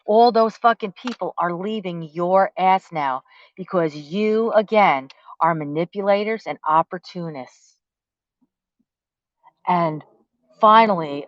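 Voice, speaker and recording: A woman's voice: lowish voice, unhurried, dry recording, muffled recording. Defiant, foul-mouthed woman ranting. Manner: profane and confrontational, heavy cursing; defiant, taunting with rhetorical questions. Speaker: vlogger. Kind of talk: angry rant to the camera.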